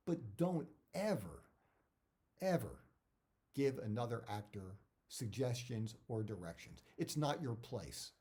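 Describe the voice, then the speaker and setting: A man's voice: medium pitch, sing-song, slow pace, warm tone. A middle-aged man, an actor, giving career advice in a casual talk that rambles, repeats words and drifts off topic.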